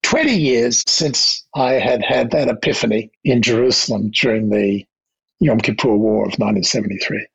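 An older man with an Australian accent, recounting his diplomatic career in a measured, anecdotal interview manner. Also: mid-range voice, creaky, fairly bright tone, slightly rough, poor audio. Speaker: guest, diplomat. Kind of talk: reflective interview storytelling.

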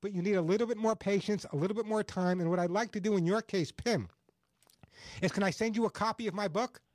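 Male radio host, high voice, dry studio sound, quick and eager delivery. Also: no room sound. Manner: fast, energetic, repeats words when excited. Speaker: radio pet show host and dog trainer. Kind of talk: call-in radio advice. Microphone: studio microphone.

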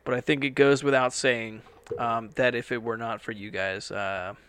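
A man's voice: mid-range voice, fairly even intonation, moderate pace, fairly bright tone, clean tone. A young man hosting a podcast from a studio, rambling casually and swearing now and then. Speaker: podcast host. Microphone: studio microphone.

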